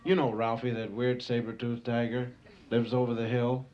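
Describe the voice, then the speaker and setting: A man voicing a scheming male saber-toothed tiger in a low, drawling, conspiratorial voice, on a hissy home tape. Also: flat delivery, moderate pace, highs cut off, natural voice. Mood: gossiping.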